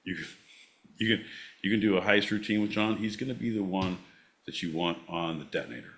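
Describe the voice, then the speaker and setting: A man's voice: deep voice, brisk, fairly bright tone, slight background noise, poor audio. A man co-hosting a podcast, hyping up his co-host like a showman in casual banter.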